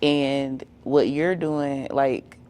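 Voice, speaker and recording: A woman hosting a podcast, asking relaxed, encouraging questions in a casual interview. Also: a bass voice, very slow, clean tone. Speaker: podcast host.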